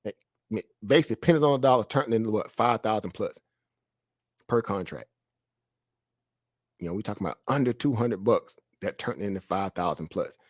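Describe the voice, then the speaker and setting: Male streamer, quick chatty delivery, dry close sound. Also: fairly low pitch, no room sound. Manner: conversational, frequent "right?" tag questions, laughs between phrases. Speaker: stock trading live streamer. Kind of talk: casual live stream commentary.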